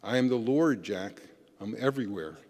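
Man playing God, calm, low, soft-spoken, from above, long reverb. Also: moderate pace.

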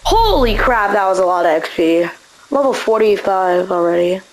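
A young woman giving playful, excitable gameplay commentary, bouncing between silly voices and deadpan asides. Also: mid-range voice, moderate pace, low-quality recording. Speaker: gaming video creator.

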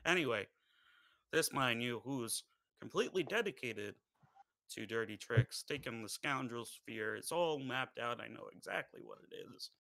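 Male player, gravelly low voice, jokey and cocky, dry close sound. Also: lively intonation, moderate pace, pushed and bright, no room sound, poor audio. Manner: playful, joking, boastful. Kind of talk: casual tabletop play.

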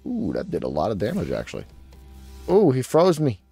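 Playful lively man commenting on gameplay. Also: brisk, creaky, husky, soft background music. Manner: playful, talks to his creatures, sudden excited jumps in pitch. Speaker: gaming channel host.

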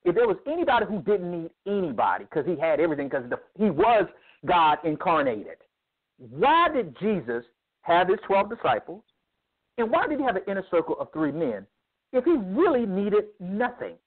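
A man's voice: high-pitched, big pitch swings, moderate pace, breathy edge. A man being interviewed about men's ministry who speaks in an emphatic, preacherly way, acting out dialogue as he tells stories. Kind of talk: animated interview storytelling. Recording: tinny phone line.

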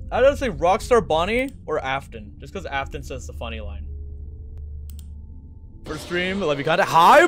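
A young man livestreaming a video game, chatting with viewers and excitedly coaxing the characters on screen. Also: a little high. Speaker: gaming streamer. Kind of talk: casual livestream gameplay commentary.

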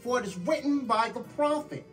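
Woman doing a wise guy reading the bible out loud, faint music behind. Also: on the high side, lively intonation, normal speed, natural voice, rough recording. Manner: reads scripture aloud, then slips into gangster talk.

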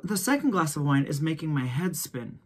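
Man, photographer host, casual storytelling, animated, husky voice. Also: on the high side, moderate pace. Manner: animated, acts out quoted voices.

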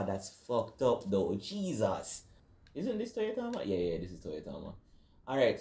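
A man's voice: fairly low pitch, mellow, roomy sound. A young man giving rowdy, slangy gameplay commentary. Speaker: gaming video creator.

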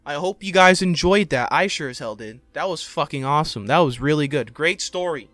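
A man giving casual, profane gameplay commentary, excitable and prone to yelling. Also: on the high side, a little fast, no echo. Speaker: let's play gamer.

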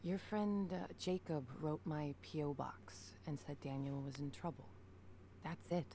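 An actress playing a remorseful middle-aged mother who left her sons, speaking softly in a half-whisper in video game dialogue. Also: deep voice, measured pace. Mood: regretful. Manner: soft, hushed, half-whispered delivery. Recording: game audio with clear background noise.

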